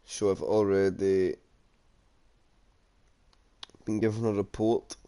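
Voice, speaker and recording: A man's voice: on the low side, level tone, moderate pace, dark tone. Chatty man commentating a racing league. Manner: chatty, jokey, reading out chat comments. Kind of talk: casual live race commentary.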